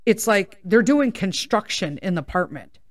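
A woman's voice: medium pitch, animated, normal speed. A woman from the Chicago area hosting a podcast, telling a personal story in a casual, rambling way, full of swearing and tangents. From Chicago area, USA. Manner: swears a lot, rambling tangents, keeps checking in with "okay?" and "right?". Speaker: podcast host.

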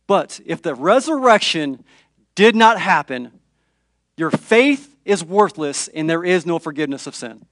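A man, a pastor with young children at home, preaching a dramatic sermon that moves between hushed and raised passages. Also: on the high side, animated, unhurried, dry recording, studio quality.

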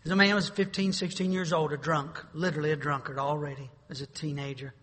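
A middle-aged pastor preaching a sermon, building to sudden shouted climaxes. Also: male voice, a little high, fairly even intonation, fairly quick, breathy edge. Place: church sanctuary. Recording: reverberant church sanctuary.

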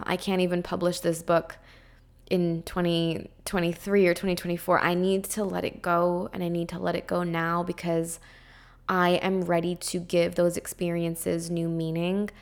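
Earnest, low-voiced woman podcaster. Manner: earnest and heartfelt, speaking in spiritual self-help terms; chatty, with frequent "like" and "um". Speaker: podcast host. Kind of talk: casual podcast monologue.

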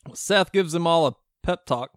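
A man's voice: on the high side, normal speed, no echo, studio quality. A man co-hosting a casual movie podcast, recapping scenes and acting out lines with laughter. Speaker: podcast co-host.

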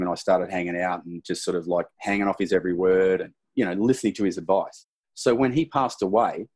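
Laid-back Australian man telling his story. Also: low-pitched. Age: middle-aged. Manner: relaxed, rambling, sprinkled with "you know" and "sort of". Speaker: guest, former soldier. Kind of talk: casual interview storytelling.

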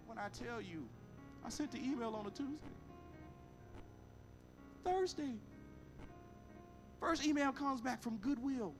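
A man, a pastor, preaching a lively storytelling sermon, acting out both sides of the conversations with emphatic delivery. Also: very high voice, measured pace, long pauses, faint music behind.

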